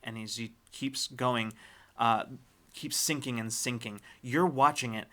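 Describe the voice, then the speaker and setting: A man narrating a tabletop role-playing game as game master. He describes scenes in a halting way, with frequent fillers and restarts. His voice is bright and sits at an ordinary pitch. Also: fairly even intonation.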